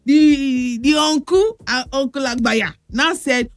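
A woman's voice: sits high, slow, hardly any pauses, dry recording. A woman with a Nigerian accent hosting a call-in radio show, telling stories and chatting fondly with callers. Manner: affectionate, storytelling with sung bits.

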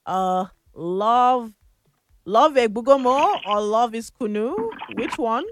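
A woman's voice: fairly high pitch, slow pace, slight background noise. A woman hosting a morning radio call-in show, chatting playfully with callers and laughing often. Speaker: radio host.

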